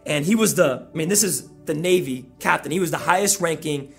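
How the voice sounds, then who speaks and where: Male pastor, energetic conversational sermon, repeats key phrases, high-pitched voice, faint music behind. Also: fairly quick, vocal fry.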